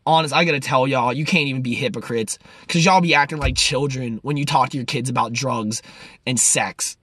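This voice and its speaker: A young man in his twenties ranting casually to camera, profane and rambling, swinging between loud outbursts and low mutters. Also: a little fast, slightly rough, no room sound. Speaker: vlogger.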